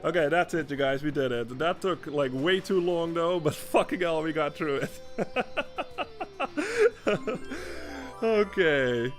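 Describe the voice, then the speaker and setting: Young male streamer, fairly high voice, frustrated and profane over faint game music. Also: slow pace, long pauses. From Netherlands. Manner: swearing, exasperated, stammering restarts. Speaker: gaming streamer. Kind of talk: casual gameplay commentary.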